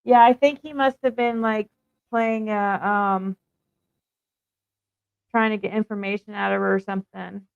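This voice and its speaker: A woman's voice: medium pitch, fast talker, creaky, a little mellow, smooth, no echo. A woman doing casual live commentary, reading text messages aloud and answering viewer comments in a chatty, hesitant way. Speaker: online commentator. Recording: tinny phone-like audio, dry.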